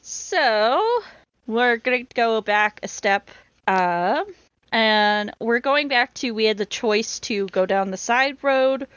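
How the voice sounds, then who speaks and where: A fairly high-voiced woman reads an adventure gamebook aloud in a casual, giggly way, her pitch bouncing around a lot. The sound is dry and dull, a little lo-fi. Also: lively intonation, slow pace, fairly bright tone, smooth, no echo. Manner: giggly, often bursting into laughter. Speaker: podcast co-host reading a gamebook aloud.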